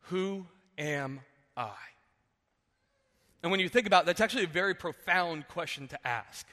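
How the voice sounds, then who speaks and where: Male preacher, conversational sermon, bright and a bit high, long hall reverb. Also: fast. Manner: conversational, often says "like" and restarts. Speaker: pastor.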